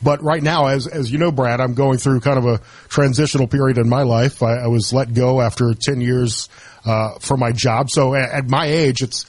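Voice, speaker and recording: Halting, reflective middle-aged male radio host. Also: mid-range voice, fairly even intonation, no room sound. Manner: reflective, halting with repeated restarts. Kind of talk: radio interview.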